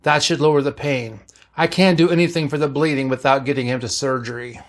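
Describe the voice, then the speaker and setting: A man voicing a gruff, blunt male ship doctor who barks orders in a read-aloud story. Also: mid-range voice, steady tone, brisk, natural voice. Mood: brusque. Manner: brusque, barking orders.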